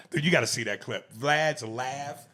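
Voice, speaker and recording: A man co-hosting a podcast in casual, slangy chat, excitable and hurried. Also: medium pitch. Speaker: podcast co-host.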